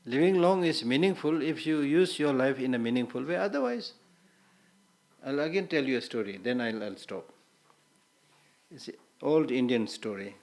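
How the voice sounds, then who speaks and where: A man's voice: medium pitch, animated, normal speed, darkish tone. A man giving a Buddhist teaching, telling stories in a conversational way, often repeating words and adding short Hindi asides.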